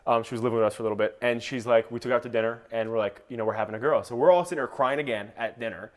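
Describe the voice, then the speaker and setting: Fast-talking young man telling a story. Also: medium pitch. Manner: animated storyteller, acts out quotes, swears casually. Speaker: podcast host. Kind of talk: casual podcast conversation.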